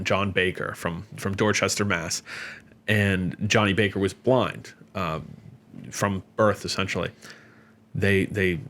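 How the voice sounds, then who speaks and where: A middle-aged man as a podcast guest, telling stories casually with lots of fillers and animated jumps in pitch whenever he quotes someone. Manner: animated, jumps up in pitch when quoting others; chatty with many fillers. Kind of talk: casual storytelling.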